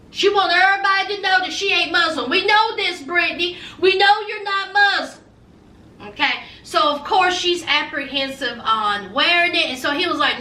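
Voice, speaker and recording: Far from the mic in an echoey room, a woman with a very high, sharp voice recaps a reality show at a moderate pace. Her casual TV commentary is sassy and emphatic, and she keeps asking "okay?" over and over.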